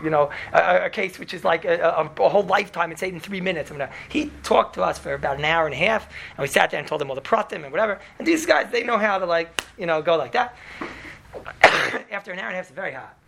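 A man telling a story to an audience in an animated, chatty way, sprinkling in Hebrew and Yiddish words and asking "right?" all the time. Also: sits high, very fast, vocal fry, few pauses, slight background noise.

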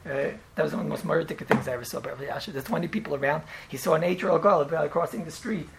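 Fast-talking man a gravelly voice. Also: a little high, low-quality recording. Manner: animated, repeats himself, frequent "right?" and restarts. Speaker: storyteller recalling a rabbi. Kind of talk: casual storytelling chat.

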